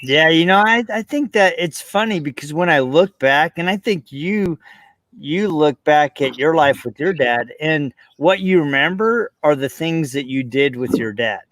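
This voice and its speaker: A man's voice: a little high, a little slow, dry recording. A man hosting a podcast interview, telling a personal story and acting out his younger self with rising emotion. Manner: animated storyteller, reenacts childhood moments with rising emotion. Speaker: podcast host.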